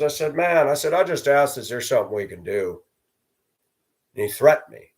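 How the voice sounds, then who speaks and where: A middle-aged man from Denver telling personal stories in a casual monologue, acting out the quoted voices and getting loud in the tense parts. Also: medium pitch, very animated, normal speed, long pauses. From from Denver area. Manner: acts out quoted voices, rising loud for confrontations.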